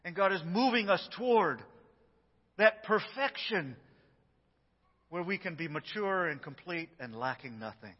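A man's voice: high voice, lively intonation, unhurried, long pauses, husky. A middle-aged man preaching a sermon as pastor, telling stories, acting out quotes and chuckling as he goes. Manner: storytelling, acts out quotes, chuckles often. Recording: dull sound with long church reverb.

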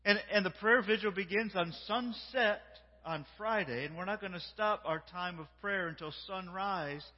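A man giving a sermon as a guest preacher, warm and repetitive, drawing the congregation into call-and-response, swinging between hushed words and shouts. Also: high-pitched, moderate pace, hardly any pauses. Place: large church sanctuary. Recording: dull sound with long hall reverb.

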